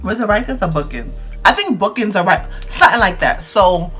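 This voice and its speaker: A man's voice: sits high, lively intonation, fairly quick, bright, forceful tone, faint music behind. A man, telling a dramatic, slang-heavy storytime on his vlog. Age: 20s. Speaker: vlogger.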